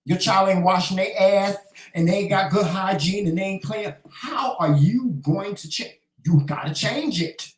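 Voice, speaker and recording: On a casual livestream talk show, a male host delivers a sassy, profane, preachy monologue to the live chat, calling listeners "child" and "honey." His voice is high at a normal pace, recorded in low quality in an echoey room.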